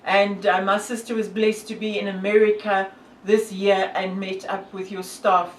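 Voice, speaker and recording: A woman's voice: medium pitch, level tone, normal speed, echoey room, recorded from a distance, slight background noise, low-quality recording. A woman from South Africa with a South African accent, talking earnestly and devoutly to camera with many fillers. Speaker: hiker and vlogger. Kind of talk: casual talk to camera.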